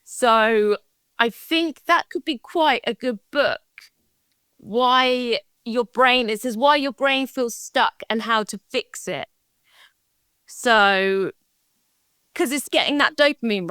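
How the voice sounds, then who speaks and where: A woman's voice: a little high, slow pace, fairly bright tone, clear, resonant tone, no room sound. Cheerful woman with a Somerset accent. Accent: Somerset English. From Somerset, England. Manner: cheerful, laughing. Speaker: podcast guest, ADHD accountability partner. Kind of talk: casual podcast conversation.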